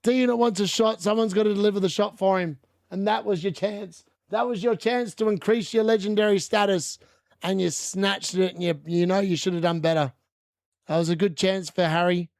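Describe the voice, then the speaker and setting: A man hosting a live fantasy football watchalong, chatting through the games and shouting when goals go in. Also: sits high, fairly even intonation, moderate pace, no room sound, clean studio sound.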